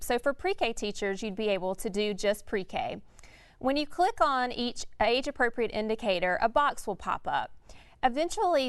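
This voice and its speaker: A woman hosting an educational webinar, speaking in a measured, scripted way. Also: mid-range voice, clear, resonant tone, dry recording. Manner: measured, reads from a script with fillers. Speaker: webinar host.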